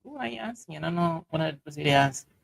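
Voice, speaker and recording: A man's voice: on the high side, lively intonation, vocal fry, poor audio. Sierra Leonean man hosting a livestream. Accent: Sierra Leonean Krio. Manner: halting, many fillers and restarts, mixes Krio and English. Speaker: livestream host. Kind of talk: casual livestream talk, reading viewer comments.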